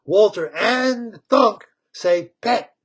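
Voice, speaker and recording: A man retelling a story with excitement, repeating words, laughing and tripping over tongue twisters. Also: on the high side, slow, husky.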